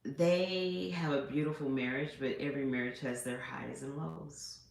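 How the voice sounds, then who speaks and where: A middle-aged woman hosting her own spiritual channel, speaking in a slow, reflective, meditative monologue full of pauses. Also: rumbling low, vocal fry, reverberant.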